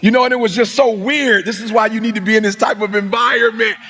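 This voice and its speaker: A middle-aged man from Detroit preaches motivation from a summit stage, rising into shouts and repeated phrases. His voice sits high and bright with a husky edge. A long hall reverb trails every word. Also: steady tone, fast talker. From Detroit, USA. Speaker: motivational speaker. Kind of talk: live motivational speech.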